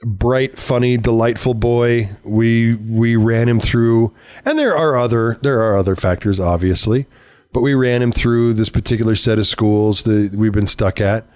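Middle-aged man, mid pitch, frank storyteller, swears freely, self-deprecating humor. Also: unhurried, darkish tone. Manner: candid, profane, self-mocking, laughs often. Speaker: parent telling a story. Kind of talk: casual conversation, storytelling.

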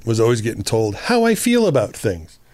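A man's voice: mid-range voice, brisk, no echo. A man co-hosting a relationship podcast, talking bluntly with plenty of swearing and acting out quoted lines. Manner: blunt, profane, animated quoting of himself. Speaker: podcast co-host. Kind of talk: casual relationship advice chat.

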